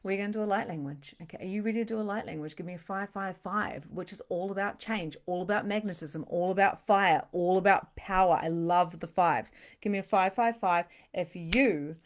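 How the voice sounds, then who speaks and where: A bubbly, talkative spiritual coach reads viewers' comments aloud on her livestream, laughing quickly as she promotes her program. Sometimes her voice sinks to a hushed, almost whispered tone amid the chat and sales pitch.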